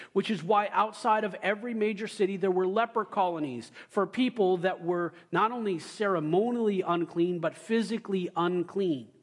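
A young adult male pastor giving a sermon, telling stories with loud excited bursts and quiet asides. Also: high voice.

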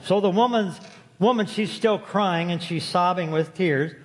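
A man's voice: sits high, measured pace. A man preaching a sermon to his congregation, folksy and storytelling, joking with the room. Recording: long hall reverb.

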